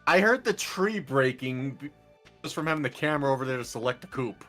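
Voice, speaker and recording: Bright-voiced playful gaming streamer man. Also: mid-range voice, lively intonation, a little fast, soft background music. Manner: playful, laughs often, mock-offended teasing. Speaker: streamer playing a farming game. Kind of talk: casual gaming chat.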